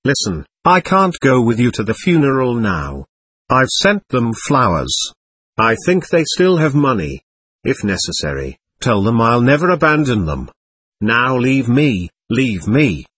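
A man's voice: mid-range voice, sing-song, a little slow, a bit bright, slightly rough, no room sound, heavily acted. A man voicing a proud, anguished young woman in an audiobook reading, intense and wavering between love and bitterness. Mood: curt.

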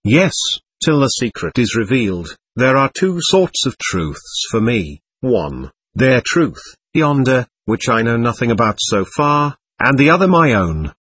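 A sly, sulking devil full of theatrical irony, read by a man. The voice is husky and swings widely in pitch, recorded close and dry with no room sound. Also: very animated, measured pace, a bit bright, dry recording, exaggerated voice. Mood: ironic. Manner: ironic, theatrical, self-pitying musing. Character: sly mocking male devil, talkative and sulking. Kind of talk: audiobook reading of a novel.

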